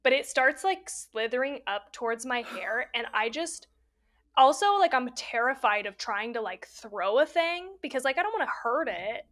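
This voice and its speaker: A woman's voice: a little high, normal speed. A young adult woman co-hosting a casual podcast, telling stories animatedly with frequent laughs and lots of "like". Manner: animated storyteller, laughs often, says "like" a lot. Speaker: podcast co-host. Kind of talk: casual chat.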